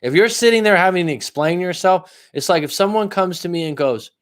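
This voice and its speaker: Blunt, profane man coaching a viewer. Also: fairly quick. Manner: lively swings between loud emphasis and low asides. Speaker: life coach. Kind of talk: casual livestream coaching advice.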